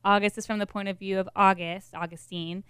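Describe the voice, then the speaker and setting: A young woman co-hosting a podcast, telling things in an animated, giggly way. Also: mid-range voice, a little fast, clear, resonant tone, no room sound, studio quality. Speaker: podcast co-host. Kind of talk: casual chat.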